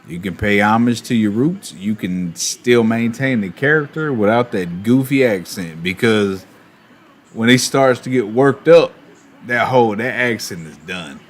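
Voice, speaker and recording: A man streaming and chatting casually, animated, with quick asides and laughs. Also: fairly low pitch. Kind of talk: casual chat while opening cards.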